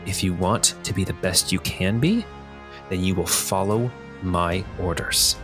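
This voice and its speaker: A man's voice: deep voice, unhurried, music in the background. A man voicing a stern female ship captain who firmly commands her pupil. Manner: commanding, firm. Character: stern woman ship captain, firm mentor.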